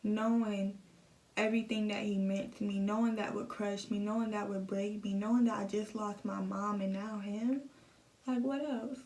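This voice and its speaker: A young woman recounts a painful memory in a halting, emotional way, circling back over the same words. Her voice stays flat in pitch. The phone picks her up from a little way off in a roomy, echoing space. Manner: emotional, halting, repeats herself. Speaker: vlogger. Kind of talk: personal storytelling. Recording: echoey room, phone set at a distance.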